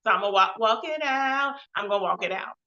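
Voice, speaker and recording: Loud, upbeat woman hosting a live chat. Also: mid-range voice, fast talker, lo-fi sound. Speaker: host of a live web show. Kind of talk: casual livestream chat.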